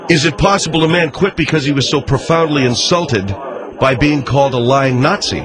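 Radio host guy, slightly high voice, dry probing questions, crowd noise behind. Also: brisk. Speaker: radio talk show host.

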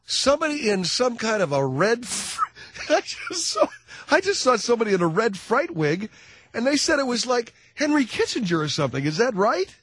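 A middle-aged man hosting a comedic talk radio show, rambling in a sarcastic, animated monologue. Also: extremely high pitch, normal speed.

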